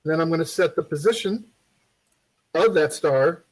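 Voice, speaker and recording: A man's voice: a little high, moderate pace, poor audio. A man giving a casual live-streamed game development tutorial, rambling and chatty with plenty of fillers and joking asides.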